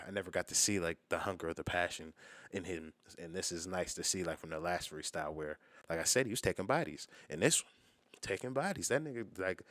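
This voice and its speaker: Deep american guy riffing on rap verses, swears a lot, dead dry room. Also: dry recording. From United States. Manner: animated, profane, chatty. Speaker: reaction video host. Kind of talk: casual reaction commentary.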